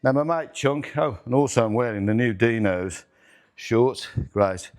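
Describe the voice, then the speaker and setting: With a mid-range, slightly mellow voice, a middle-aged gym owner hosts a workout vlog indoors, animated and a little slow. Straining through sets, he counts reps aloud between groans and swearing.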